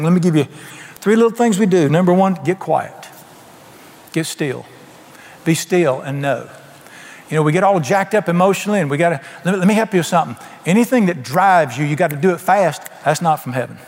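A man preaching a folksy, colloquial sermon, his voice dropping soft at times. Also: a little high. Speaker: pastor. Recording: long hall reverb.

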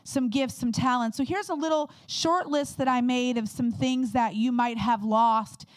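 A woman delivers a sermon as a guest speaker, talking candidly and conversationally with quick asides. Her voice sits fairly high, and the sound is dry and close with little room around it. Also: dry recording.

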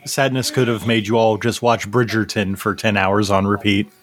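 A man's voice: lowish voice, level tone, moderate pace. Laid-back male tabletop game host. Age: adult, married. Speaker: game master and show host. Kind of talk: podcast outro and casual tabletop chat.

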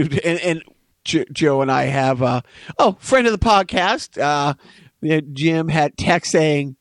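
A man's voice: on the high side, animated, slow, no echo, clean studio sound. A man co-hosting a podcast in casual chat, rambling, repeating words and laughing often. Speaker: podcast co-host.

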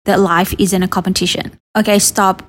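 Chatty Malaysian woman, husky voice. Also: mid-range voice, flat delivery, normal speed. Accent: Malaysian English. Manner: chatty, mixes Malay into English, sighs and restarts. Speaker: vlogger. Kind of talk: casual advice talk.

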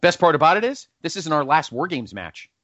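A man's voice: a little high, fairly quick, dry recording, lo-fi sound. A man hosting a casual podcast countdown, rambling and correcting himself as he goes. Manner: rambling, self-correcting, animated. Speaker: podcast host.

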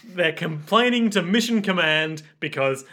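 A man's voice: sits high, expressive, a little slow, sharp tone. A man co-hosting a podcast, recapping an anime episode in casual chat, joking and laughing often as he talks. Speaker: podcast co-host.

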